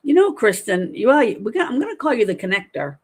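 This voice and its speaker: A middle-aged woman hosting a casual livestream, chatting and reading viewer comments aloud in a lively, talkative way. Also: on the high side, fairly quick, slightly rough. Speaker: livestream host.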